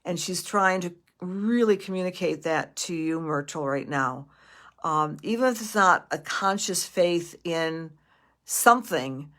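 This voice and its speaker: A middle-aged woman doing a live psychic reading, gentle and affectionate, pausing and restarting often. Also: deep voice. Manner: gentle and affectionate, calling viewers sweetie and honey; halting with many restarts and fillers. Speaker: astrologer and psychic medium.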